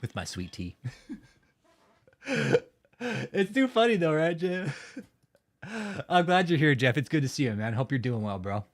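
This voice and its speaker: A man's voice: fairly high pitch, sing-song, a little slow, long pauses. Profane, laughing livestream host man. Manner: profane, mocking, laughs often. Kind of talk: casual livestream chat reading viewer comments.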